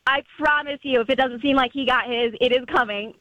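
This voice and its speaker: A woman's voice: high-pitched, fairly even intonation, fairly quick, sharp tone, no room sound, rough recording. A young adult woman calling in to a radio show, telling a personal story in a casual, chatty way with many fillers and acted-out quotes. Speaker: caller.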